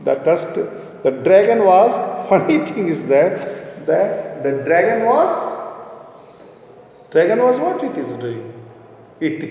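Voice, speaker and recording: A man teaching a literature lesson, explaining slowly and repeating words, asking questions and answering them himself. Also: a little high, very animated, darkish tone. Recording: echoey room with long reverb.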